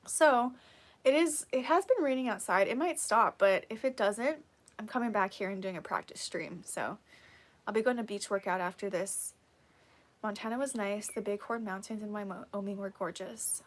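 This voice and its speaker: A woman's voice: mid-range voice, moderate pace. A woman hosting a casual live stream who reads out viewer comments, encouraging and laughing often, sleepy and yawning.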